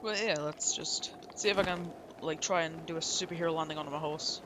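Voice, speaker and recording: A man's voice: fairly high pitch, steady tone, fairly quick, noisy background. A man with an English accent giving casual, rambling, jokey commentary over a game playthrough. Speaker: gameplay streamer. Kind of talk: casual let's-play commentary.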